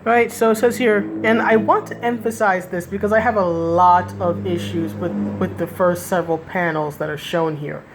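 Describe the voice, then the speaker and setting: A woman's voice: on the low side, fairly even intonation, moderate pace, few pauses, noisy background. A woman giving a casual, critical spoken review, rambling with restarts and frequent "right?" asides, with a sardonic edge. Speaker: comic book reviewer.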